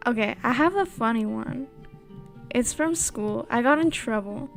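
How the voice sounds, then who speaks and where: Woman, casual stream chat, giggly, slightly high voice, faint background music. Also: unhurried, vocal fry. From United States. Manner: giggly, chatty, reads chat questions aloud. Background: quiet background game music.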